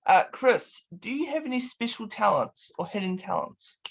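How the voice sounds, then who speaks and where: A man's voice: high-pitched, big pitch swings, normal speed, vocal fry, slight background noise. A man hosting a casual interview over a video call, upbeat and playful, giggling as he sets up games. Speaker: interview host.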